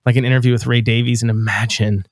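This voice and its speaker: A man's voice: medium pitch, flat delivery, fast, dry recording. Easygoing rambling male podcast host. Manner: rambling, easygoing, lots of fillers. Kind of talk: casual interview chat.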